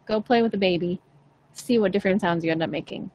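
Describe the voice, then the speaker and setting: A woman's voice: medium pitch, fast, darkish tone, rough recording. Young woman vocal coach, casual and blunt, mid-range voice, faint background noise. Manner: chatty, frank, playful, swears casually. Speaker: singing teacher. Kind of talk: casual livestream voice lesson.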